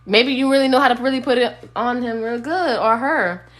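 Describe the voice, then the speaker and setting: Woman tarot reader, blunt and casual on a phone live stream, fairly high voice. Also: normal speed, a bit bright. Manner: casual and blunt, sings snippets of songs.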